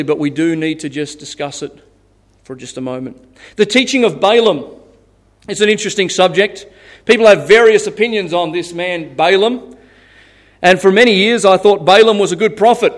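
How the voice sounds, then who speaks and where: A high-pitched male pastor preaches a sermon, recounting Bible stories in a lively way and laughing at his own tales.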